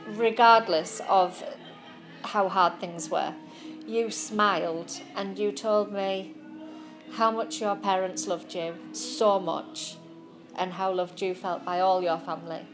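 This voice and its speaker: A woman's voice: mid-range voice, steady tone, soft background music. A woman giving a heartfelt, casual spoken tribute, prompting others to share memories. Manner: slow, warm-hearted, laughing.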